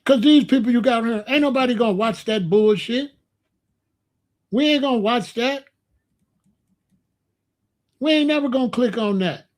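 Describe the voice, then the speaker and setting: A man's voice: extremely high pitch, moderate pace, pauses often. A man, hosting a heated, blunt commentary rant full of slang. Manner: angry, blunt, slangy, repetitive. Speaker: commentary channel host.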